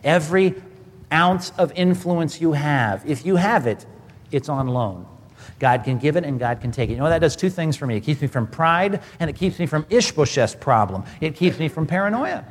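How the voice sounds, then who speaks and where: A man's voice: on the high side, expressive, moderate pace, long reverb tail. A pastor giving a conversational sermon, asking rhetorical questions as he preaches.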